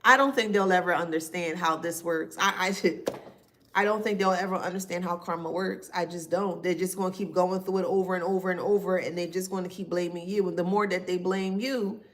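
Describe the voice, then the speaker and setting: A woman giving casual spiritual commentary to her viewers, slow and drawn-out, sarcastic and laughing often. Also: fairly low pitch, steady tone, slight background noise.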